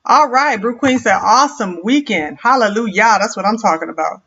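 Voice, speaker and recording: A woman hosting a casual live stream, lively and greeting viewers one by one. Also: a little high, brisk, slightly rough. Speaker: host. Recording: dull lo-fi stream audio.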